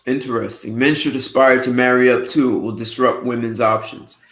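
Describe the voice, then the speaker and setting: A man hosting a casual livestream show, talking in an unhurried, musing way with frequent restarts and throat clearing. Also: mid-range voice, steady tone, fairly bright tone. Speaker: host. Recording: roomy echo.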